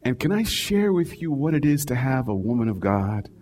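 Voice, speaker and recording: A man's voice: medium pitch, big pitch swings, normal speed, a little mellow, a little hiss or hum. Storytelling preacher man. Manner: conversational, keeps asking "right?". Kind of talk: storytelling sermon.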